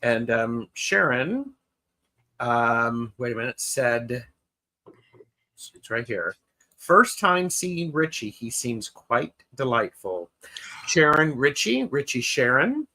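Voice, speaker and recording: A man's voice: medium pitch, sing-song, slow pace, pushed and bright. Teasing man reading chat. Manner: teasing, reads viewer comments aloud. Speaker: co-host. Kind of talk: casual livestream chat.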